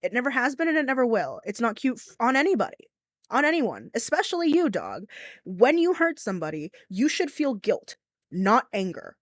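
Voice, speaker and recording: A woman's voice: a little high, very animated, normal speed, dry recording. A young woman streaming, chatting casually and ranting bluntly with lots of swearing and giggles. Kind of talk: casual live-stream commentary.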